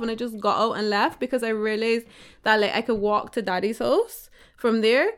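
A woman's voice: a little high, fairly quick, clear, resonant tone. A young woman from Barbados telling a story in casual chat, swearing freely and acting out what others said. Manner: animated storytelling, swears freely, acts out quoted voices.

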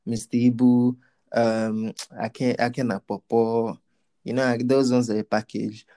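A man's voice: medium pitch, level tone, measured pace, warm tone. A man, co-hosting a casual chat, teasing and joking with playful exaggeration. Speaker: podcast co-host.

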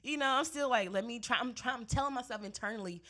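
Woman on a podcast, lively storytelling, laughs a lot, a bit high. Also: fast. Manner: animated storytelling, acts out quotes, laughs often. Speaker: podcast co-host. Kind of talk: casual chat.

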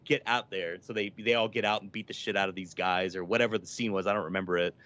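Low-voiced man chatting about movies. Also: steady tone, rapid-fire, fairly bright tone. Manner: rambling, filler-heavy, profane. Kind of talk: casual chat about movies. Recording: dull lo-fi sound.

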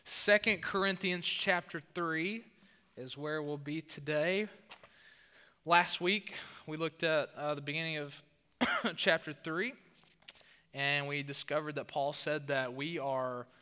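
A man's voice: on the high side, takes it slowly, clear, resonant tone, long reverb tail. A man with a Southern US accent, preaching a sermon in a church and telling stories with rising emphasis. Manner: animated storytelling with rising emphasis. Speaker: pastor. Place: church hall.

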